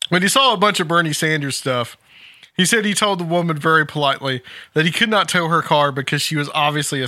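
A man with a bright, somewhat high voice reads a news article aloud with casual amusement, breaking into chuckles. The sound is close and dry, with no room around it. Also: no echo. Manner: amused, laughs while reading. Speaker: podcast host.

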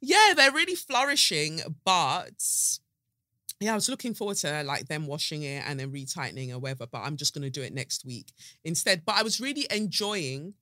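A woman in her thirties hosting a podcast in casual, animated chat, laughing often. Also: low-pitched, fairly quick, dry recording, studio quality. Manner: chatty, animated, laughs and breaks into song. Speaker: podcast host.

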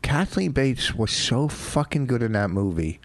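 A man's voice: mid-range voice, sing-song, unhurried, dry recording. A man hosting a loose comedy talk show, telling stories in a rambling, profane way. His voice sits in a middle register. The recording is dry and close. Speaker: comedian host. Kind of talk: casual chat.

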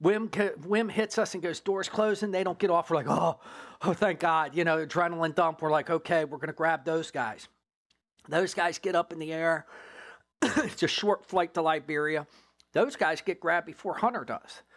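A former drug agent, a man, telling a case story in an interview in a blunt, profane, animated way. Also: fairly high pitch, moderate pace.

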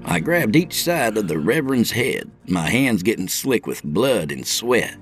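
A man's voice: fairly low pitch, big pitch swings, unhurried, fairly bright tone, faint music behind. A man narrating a gritty first-person story, his storytelling vivid. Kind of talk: audiobook narration.

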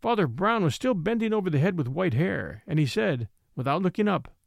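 A man's voice: brisk, creaky, no echo. A man reading a mystery story aloud as narrator, giving each character a shift in voice. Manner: reads all characters with lively shifts in pitch. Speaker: audiobook narrator.

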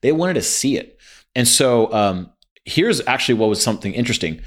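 A man of Indian origin chatting casually on a podcast, telling lively stories and acting out quoted dialogue. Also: medium pitch, a little fast. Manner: animated storyteller, acts out quoted dialogue. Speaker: guest entrepreneur.

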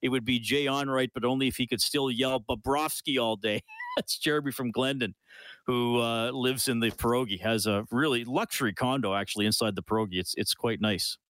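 A man's voice: mid-range voice, lively intonation, brisk, a bit bright, no echo. A man hosting a sports talk radio show, reading listener messages aloud in a chatty way and laughing now and then. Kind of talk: casual call-in sports radio chat. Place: radio studio. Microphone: studio microphone.

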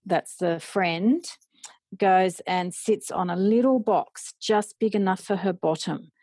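A middle-aged woman, a parent educator, telling stories in an animated way and acting out remembered dialogue. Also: on the low side, gravelly, dry recording. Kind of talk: storytelling in a podcast interview.

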